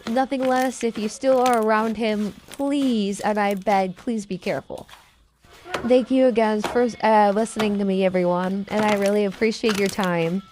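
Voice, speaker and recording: A woman's voice: medium pitch, fairly even intonation, moderate pace, background noise. A woman in a casual vlog monologue who speaks bluntly and recounts events blow by blow. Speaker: streamer telling her side of a dispute.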